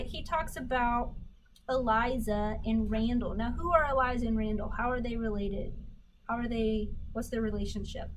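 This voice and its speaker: A woman's voice: a little high, a little hiss or hum, rough recording. A woman teaching a history lesson, who reads quotations from documents aloud and asks questions that she then answers herself. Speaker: history instructor. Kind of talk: recorded lecture on primary documents.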